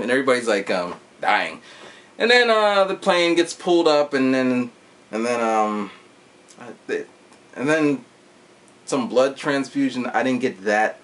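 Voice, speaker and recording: Man, 40s, casual chat, lively pitch, sound effects, swearing. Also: moderate pace. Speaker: vlogger reviewing a movie.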